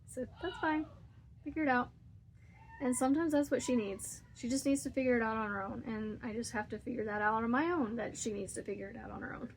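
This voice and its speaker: A woman hosting a crochet channel, chatting casually while she crochets and rambling through a story with frequent laughs. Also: fairly high pitch.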